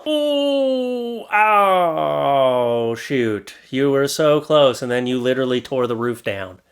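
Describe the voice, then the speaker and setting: A man's voice: mid-range voice, moderate pace, smooth. A man hosting reaction commentary, sarcastic and exasperated, mocking what he reads. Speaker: commentary host.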